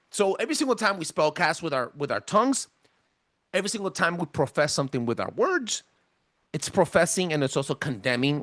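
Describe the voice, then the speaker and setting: A man with a self-described thick accent, hosting a podcast and giving a casual presentation in an emphatic, animated way. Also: dry recording. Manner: animated, emphatic, swinging pitch. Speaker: podcast host.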